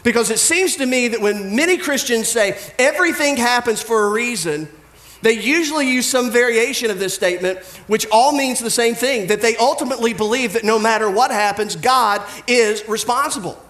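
A pastor giving a conversational sermon, telling humorous stories and mimicking people's voices. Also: male voice, very high voice, moderate pace, fairly bright tone, roomy sound.

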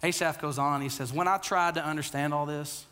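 A pastor in his thirties delivers a sermon in a fairly high voice. He talks earnestly and conversationally, stumbling over repeated words, then sinks low and quiet to press a point home. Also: fairly even intonation, a little fast. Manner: drops to a quiet, low delivery on key lines.

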